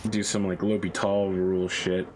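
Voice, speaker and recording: A deep-voiced man hosts a game stream, tossing off jokes and tangents in loose casual chat. His talk wanders and restarts, and a faint hum sits in the background. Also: little pitch movement, normal speed, darkish tone, poor audio. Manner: joking, rambling banter with restarts.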